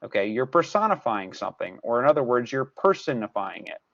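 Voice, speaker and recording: A man's voice: mid-range voice, very animated, brisk, creaky, fairly bright tone, dull audio. A man tutor explaining a lesson step by step, repeating key points with emphasis. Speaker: math tutor. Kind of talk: recorded class lesson.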